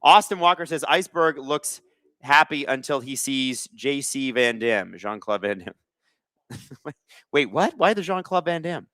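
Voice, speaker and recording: Hosting a hockey watch-along stream, a Canadian man in his thirties casually calls plays, cracks jokes and reads out chat, breaking into excitement now and then. His bright, forward voice ranges widely in pitch at a moderate pace, in a dry, close recording with little room around it.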